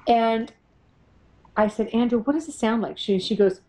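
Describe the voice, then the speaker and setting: A middle-aged woman, a paranormal investigator, tells stories of her experiences as an interview guest. She's animated, laughs often and acts out what other people said, speaking at normal speed in a voice on the high side. The recording is low quality.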